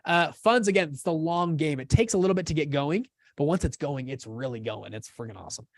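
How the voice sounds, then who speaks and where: A fairly high-voiced man runs a live class in a casual, upbeat way. He keeps pausing to ask whether his listeners are keeping up. The sound is close and dry, with no room echo. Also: lively intonation. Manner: casual, upbeat, often checks understanding. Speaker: course host. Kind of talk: live teaching session.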